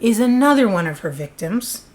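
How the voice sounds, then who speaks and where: A woman's voice: medium pitch, very animated, moderate pace, music in the background. A woman casually telling a true-crime story to camera in a chatty, conversational way, with frequent asides.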